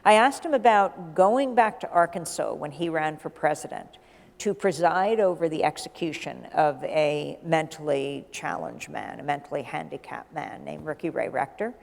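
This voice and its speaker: A middle-aged woman journalist, a guest in an onstage conversation, telling a lively anecdote and acting out the dialogue. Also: low voice, moderate pace, gravelly. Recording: long hall reverb.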